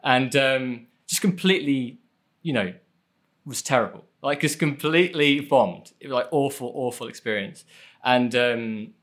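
A man's voice: medium pitch, measured pace, fairly bright tone. A man, chatting casually as a podcast guest, rambling and self-deprecating with lots of fillers and casual swearing. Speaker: guest, film editor.

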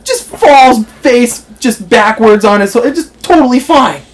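A man's voice: very high voice, expressive, unhurried. A young American man telling a story in casual chat, rambling with lots of fillers and laughing as he goes. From United States. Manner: rambling, filler-heavy, laughs through stories.

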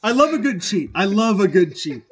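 A man's voice: high voice, sing-song, a little fast, crowd noise. A man co-hosting a podcast, chatting casually and bluntly about bad movie performances, with enthusiastic, profane outbursts. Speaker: podcast co-host. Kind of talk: casual movie-review chat.

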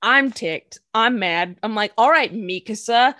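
A woman's voice: a little high, measured pace, bright, forceful tone, dry recording. A woman co-hosting a podcast in casual chat, giggling often and acting out quotes in silly voices. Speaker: podcast co-host. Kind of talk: casual chat recapping an anime episode.

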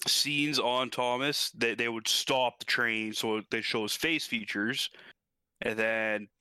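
A man's voice: mid-range voice, steady tone, takes it slowly, sharp tone, clear, resonant tone, dry recording. A man co-hosting a casual podcast, often stalling and restarting as he searches for words. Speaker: podcast co-host.

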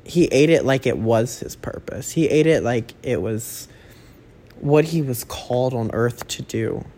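A young man in his early adulthood talks through a casual solo podcast monologue, swearing freely and correcting himself as he goes. His medium-pitched voice is mellow, and he keeps a measured pace.

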